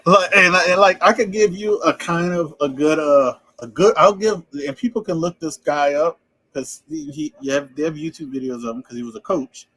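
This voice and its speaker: A man co-hosting a podcast in casual chat, talking fast and running words together, laughing often. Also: a little high, fairly bright tone, slightly rough, no echo, low-quality recording. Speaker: podcast co-host.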